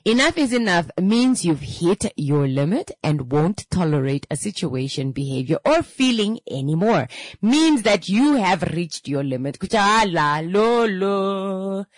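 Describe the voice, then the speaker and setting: A young woman talks in a loose, animated monologue. Her voice sits fairly low, and she circles back over her words as she goes. The sound is dry and close, with no room around it. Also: measured pace, no room sound. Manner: animated, repeats and restarts, laughs readily. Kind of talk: casual monologue.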